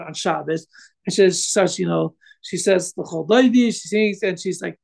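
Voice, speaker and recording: High creaky-voiced man teaching. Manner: halting, many fillers and restarts. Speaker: Torah teacher telling a story. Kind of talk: informal religious class.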